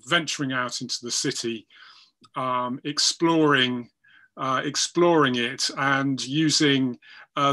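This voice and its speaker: A man, the author, introducing and then reading a passage from his own book in a measured voice. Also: a little high, sharp tone.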